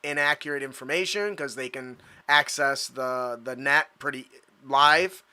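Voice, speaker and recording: A man narrating as game master of a tabletop game, casual and halting, with many pauses and fillers. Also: mid-range voice, bright, forceful tone, smooth.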